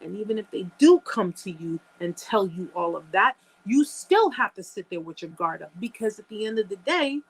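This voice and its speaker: A woman's voice: mid-range voice, lively intonation, normal speed, hardly any pauses, slightly rough, low-quality recording. A woman hosting a live chat, talking emphatically to her viewers, repeating phrases and calling them guys. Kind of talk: casual live-stream chat.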